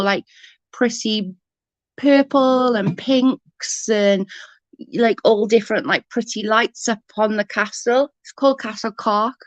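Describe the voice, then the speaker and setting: A woman's voice: mid-range voice, no room sound. Giggly woman in her forties. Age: 40s. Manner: rambling, giggly storytelling. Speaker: livestream host. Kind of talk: casual chat with viewers.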